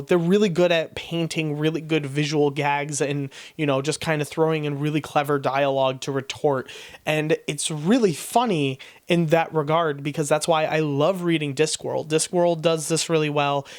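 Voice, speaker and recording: Book reviewer, 20s: frank, profane, rambling casual delivery. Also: mid-range voice. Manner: blunt, frank, swears freely; rambling, with restarts and fillers.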